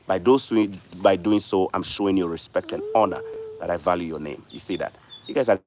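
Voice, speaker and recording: A man's voice: low-pitched, fairly quick, noisy background. A man, hosting a casual livestream and lecturing his viewers, repeating words for stress. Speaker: livestream host.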